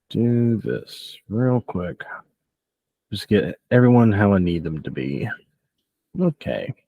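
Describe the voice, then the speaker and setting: A man's voice: deep voice, gravelly, mellow, no room sound. A man running a tabletop role-playing game as game master, casual and joking, laughing often and swearing now and then.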